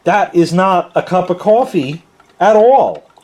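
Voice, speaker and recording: A man's voice: high voice, lively intonation, measured pace, darkish tone. Regular American guy in his forties, rambling kitchen review, casual and a bit profane. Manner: rambling, casual, sometimes swearing. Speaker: product reviewer. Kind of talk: casual chat.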